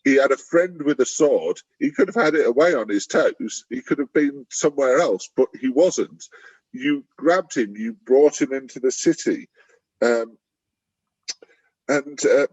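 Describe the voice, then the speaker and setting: A husky-voiced man discussing scripture casually, wandering through his points and breaking into animated quoted voices. The recording is dry and a little dull, with the rough edges of a lo-fi mic. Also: measured pace, dry recording. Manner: rambling, acts out quotes with sudden high pitch. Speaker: church discussion partner. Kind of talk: conversational Bible discussion. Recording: dull lo-fi sound.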